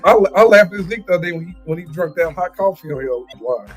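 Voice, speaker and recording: A man's voice: high voice, lively intonation, fast talker, music in the background. A man co-hosting a morning show, telling stories casually and chuckling along. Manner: storytelling, chuckling.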